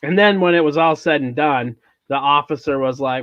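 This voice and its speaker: A man's voice: mid-range voice, normal speed, a bit bright, no echo, lo-fi sound. A man hosting a podcast, chatting casually and telling a story, often restarting his sentences. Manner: rambling storyteller, restarts, mock Minnesota accent in quotes. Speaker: podcast host. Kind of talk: casual chat.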